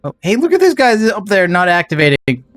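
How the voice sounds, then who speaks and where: A man's voice: sits high, huge pitch swings, fairly quick, a bit bright, no room sound, soft background music. A man casually chatting on a live game stream, rambling and greeting viewers in chat. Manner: rambling, reads out chat names.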